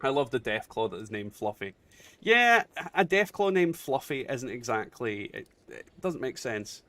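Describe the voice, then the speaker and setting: A man hosting a game stream, chatting casually and swearing often in animated banter. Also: medium pitch, moderate pace, dry recording. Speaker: streamer host. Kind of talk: casual gaming chat.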